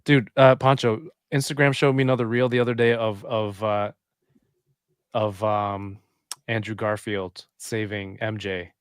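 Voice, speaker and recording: A man co-hosting a casual podcast chat. He talks haltingly, restarting his sentences and laughing easily. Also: fairly low pitch, little pitch movement, smooth, dry recording, studio quality. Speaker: podcast co-host.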